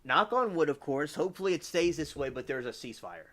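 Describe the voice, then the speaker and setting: A man's voice: a little high, animated, quick pace, a bit bright. A man hosting a casual livestream, rambling about the news and reading viewer comments aloud. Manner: rambling, reads chat aloud and answers viewers. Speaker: livestream host.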